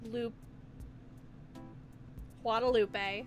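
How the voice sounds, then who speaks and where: A woman's voice: on the high side, measured pace, over music. A woman streamer in casual live-stream chat, giggly, playful and rambling as she muses aloud.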